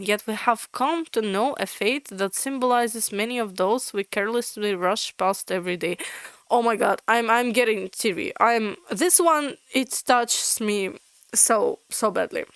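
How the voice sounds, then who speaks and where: Expressive woman streamer, dry close sound. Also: a little high, no echo. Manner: expressive, stumbles while reading aloud. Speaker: VTuber streamer. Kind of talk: reading and reacting to comic blurbs.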